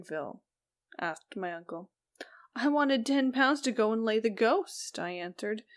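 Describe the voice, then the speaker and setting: A woman reading a Victorian ghost story aloud as an audiobook narrator, slow and even, dropping softly on the speech tags. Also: mid-range voice.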